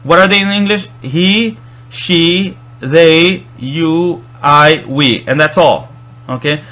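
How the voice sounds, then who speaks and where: A man's voice: on the high side, takes it slowly, sharp tone. A man explaining Arabic verb grammar in a lecture, often restarting and repeating words as he thinks. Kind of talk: recorded lecture.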